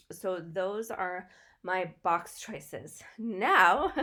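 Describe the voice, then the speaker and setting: A young woman talks casually through her beauty picks, restarting sentences and laughing softly as she goes. Her voice sits a little low for a woman, and her delivery is relaxed and conversational. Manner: chatty, self-correcting, laughs often. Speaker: beauty and lifestyle vlogger. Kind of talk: casual product review chat.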